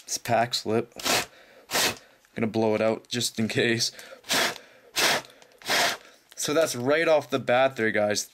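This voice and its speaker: Young man, mid-pitched, casual pack-opening vlog, excitable and breathless, off camera. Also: takes it slowly, pauses often. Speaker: card pack opener. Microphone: off-camera voice, hands at table.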